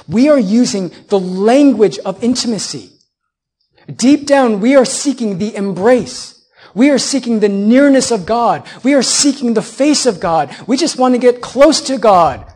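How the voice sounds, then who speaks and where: A man's voice: sits high, expressive, normal speed, darkish tone, slightly rough. A man in his thirties preaching a sermon as a pastor, building on repeated phrases and putting rhetorical questions to his congregation.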